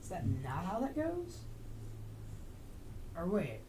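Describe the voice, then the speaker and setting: A woman's voice: lowish voice, huge pitch swings, slow pace, background noise. A woman hosting a livestream, chatting in a rambling, joking, profane way. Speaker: livestream host. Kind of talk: casual rambling chat.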